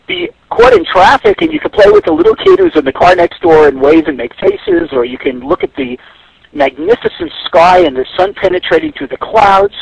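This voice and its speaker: A man's voice: very high-pitched, creaky, no echo, low-quality recording. A man giving a radio interview as a guest, telling stories in a reflective way. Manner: storytelling, reflective.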